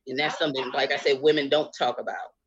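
A woman's voice: rumbling low, flat delivery, fast talker, dull audio, noisy background. A woman speaking frankly and bluntly in a casual group discussion.

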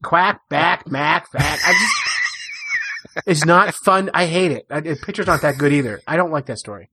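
A man co-hosting a casual chat, telling a story with animated mock outrage and frequent laughter. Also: fairly high pitch, moderate pace, husky, no room sound.

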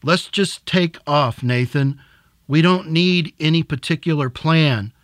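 A man's voice: on the high side, a little slow, no room sound, studio quality, lightly acted. A man voicing a restless, sarcastic pregnant teenage girl in a story reading. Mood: pleading.

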